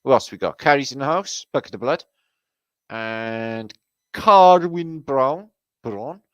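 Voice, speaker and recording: A man's voice: mid-range voice, slow pace, no echo, highs cut off. Swearing British man hosting a livestream. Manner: rambling, swears freely, slangy and chummy. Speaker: livestream host. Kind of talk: casual livestream chat, reading out viewer comments. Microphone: streaming setup mic.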